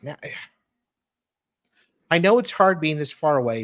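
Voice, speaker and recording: A man's voice: a little high, sing-song, measured pace, fairly bright tone, no echo, clean studio sound. An Australian man co-hosting a casual live stream, sardonic and mocking. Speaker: co-host.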